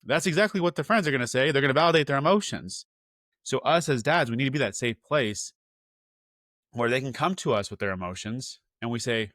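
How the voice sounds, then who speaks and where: A man's voice: mid-range voice, lively intonation, moderate pace, fairly bright tone, dry recording, studio quality. A man hosting a podcast for dads, earnest and advising, with many "like" fillers. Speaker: podcast host, father. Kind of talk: casual interview chat.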